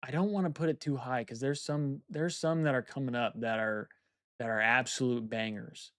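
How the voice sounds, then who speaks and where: A man's voice: medium pitch, steady tone, moderate pace, a bit bright, no echo, clean studio sound. A young man chatting casually on a live stream, thinking aloud and repeating phrases as he weighs his choices.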